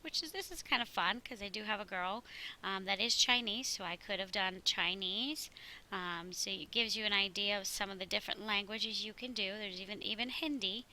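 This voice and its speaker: A woman's voice: medium pitch, gravelly, bright, forceful tone, poor audio. A woman teacher talking through a screen-recorded tutorial, chatty and walking through each step. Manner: chatty, walks through steps.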